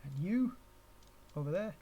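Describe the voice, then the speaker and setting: A man's voice: high-pitched, expressive, measured pace, dark tone, lo-fi sound, slight background noise. Chatty English-accented man thinking aloud. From Canada. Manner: chatty, rambling, restarts often, chuckles at himself. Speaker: streamer teaching 3D rigging. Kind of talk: live-stream tutorial, thinking aloud.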